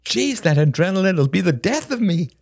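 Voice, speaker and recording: Brief: restless, sharp-tongued young woman in an audiobook, lively swooping pitch, dry close sound, voiced by a male reader. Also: gravelly, breathy edge, no echo, exaggerated voice. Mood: jittery. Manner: rapid, restless, sardonic rambling. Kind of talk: audiobook character reading.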